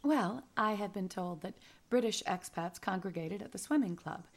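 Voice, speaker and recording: A woman's voice: mid-range voice, lively intonation, moderate pace. Eager, polite novelist with keen curiosity, played by a woman, radio drama. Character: eager young woman novelist researching expats. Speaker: interviewer.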